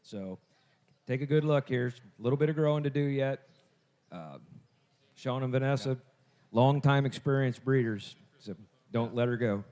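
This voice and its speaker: A man's voice: mid-range voice, warm tone. A man announcing lots at a livestock sale, talking casually and often restarting his sentences. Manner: halting, repeats words. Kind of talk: casual explanatory talk.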